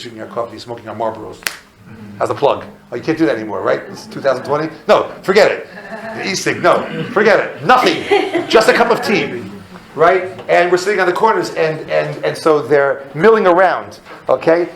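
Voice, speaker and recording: A man speaking as a rabbi, telling a comic story in an animated, self-mocking way and jumping into loud re-enactments. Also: mid-range voice, gravelly, reverberant, poor audio.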